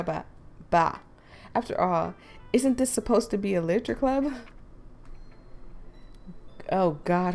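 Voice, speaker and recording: A woman's voice: fairly low pitch, gravelly, a little mellow. A young woman streamer giving casual let's-play commentary, chatty and giggly, reacting aloud as she reads. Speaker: gaming streamer.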